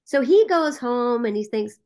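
A woman guest on a podcast interview, a casting director and producer telling a story in a lively way with frequent "um" fillers. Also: fairly high pitch, unhurried.

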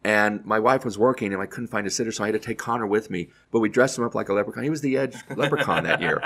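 Fast-talking gravelly middle-aged man. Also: lowish voice. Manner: animated, acts out other people's lines. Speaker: radio host telling his career story. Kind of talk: casual anecdotal storytelling.

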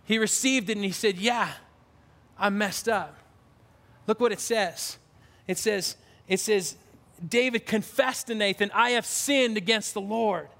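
A man's voice: high voice, unhurried, creaky, long pauses, fairly bright tone. A man preaching a sermon as pastor, earnest and emphatic, often restarting his phrases. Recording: long reverb of a large hall.

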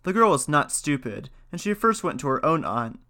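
Brief: male storyteller and lecturer, measured narration. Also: a little high, big pitch swings, pushed and bright. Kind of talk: folktale reading, then casual lecture.

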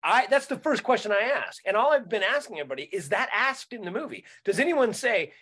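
High-voiced ranting male comedian. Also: fast, few pauses, slightly rough. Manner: animated, ranting, swears freely. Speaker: comedian podcast co-host. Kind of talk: casual comedic chat.

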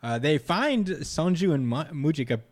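A man's voice: fairly high pitch, sing-song, normal speed. A man co-hosting a podcast, recapping a manga chapter in rambling casual chat full of "uh"s. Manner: rambling, many "uh"s, laughs often. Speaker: podcast co-host.

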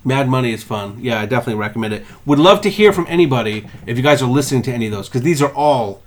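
This young man co-hosts a podcast, speaking rapid-fire in a mid-range voice. He chats casually and tells animated stories packed with swearing and acted-out quotes.

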